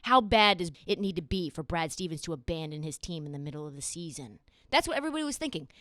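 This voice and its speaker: A young woman hosting a sports podcast, talking in a casual, sarcastic and animated way. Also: on the low side, no room sound, clean studio sound. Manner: animated, sarcastic, quick asides. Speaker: podcast host.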